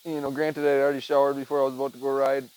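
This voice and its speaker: Talking rapid-fire through a headset mic, a weary podcast host chats casually by himself, wandering from point to point, cursing, and leaning on "man" and "dude." His medium-pitched voice stays level, with a darkish yet clean tone, though the recording itself is low quality.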